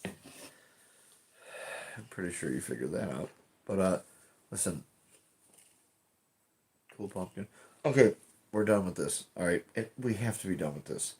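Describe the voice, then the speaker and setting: Lowish-voiced guy rambling on his stream at home, swears a lot. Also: animated, unhurried, long pauses, darkish tone, husky. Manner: rambling, profane, restarts often. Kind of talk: casual live-stream chat.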